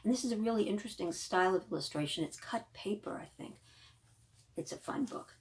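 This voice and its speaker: A woman librarian leading a children's storytime, reading a picture book aloud with animated questions to the young listeners. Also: medium pitch, a little fast. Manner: animated, questions to the children, gasps and sing-song.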